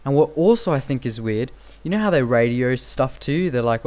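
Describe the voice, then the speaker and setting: A young man talks over his gameplay in a loose, rambling way, circling back and repeating himself, with "you know" and "like" all through it. His voice sits at a middling pitch for a man. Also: expressive, fast, a little mellow. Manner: rambling and repetitive, with frequent fillers. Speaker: gameplay commentator. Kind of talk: casual game commentary.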